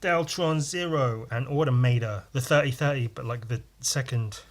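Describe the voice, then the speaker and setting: A man's voice: medium pitch, normal speed, a little hiss or hum. A man hosting a podcast, rambling casually with crude, self-mocking humour while he draws. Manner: talks while drawing. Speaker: podcast host.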